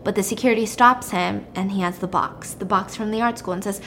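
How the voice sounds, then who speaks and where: A woman casually recapping a drama's plot in an animated, chatty way, peppering it with fillers. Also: medium pitch, a little fast, slight background noise.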